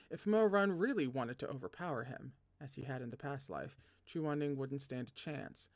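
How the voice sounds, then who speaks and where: A man reading a novel aloud as host of a read-along, animated and often stopping to joke and laugh at the text. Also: medium pitch. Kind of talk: read-along narration with asides.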